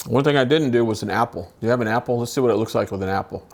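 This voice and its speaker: A man's voice: medium pitch, rapid-fire, a little mellow. A man who collects knives, casually talking through a demonstration and musing aloud with a self-amused manner. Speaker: knife collector showing his knives.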